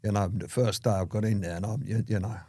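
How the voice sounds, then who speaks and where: A man's voice: lowish voice, fairly even intonation, fast talker, warm tone, dry recording, studio quality. A man, an interview guest telling his story in a rambling, casual way full of "you know".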